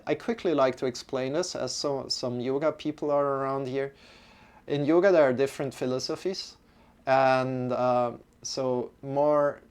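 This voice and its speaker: Slow, hesitant male yoga teacher. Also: medium pitch. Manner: rambling, hesitant, many restarts and fillers. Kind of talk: live-streamed yoga class talk.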